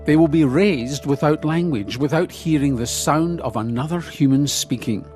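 A man's voice: fairly high pitch, moderate pace, a little mellow, faint music behind, close to an everyday voice. An actor playing an earnest, curious medieval king, in a scripted audio drama. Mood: determined. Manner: earnest, grandly wondering. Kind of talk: scripted radio acting.

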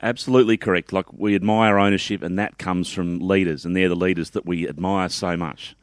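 A man's voice: low voice, steady tone, brisk, no room sound, studio quality. A man co-hosting a podcast, reading listener mail and laughing along in casual banter. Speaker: podcast co-host.

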